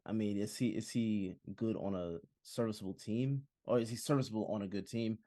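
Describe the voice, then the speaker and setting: A man's voice: on the low side, a little fast, mellow, no echo, clean studio sound. A man co-hosting a sports podcast, laid-back and agreeable, talking casually. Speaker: podcast co-host.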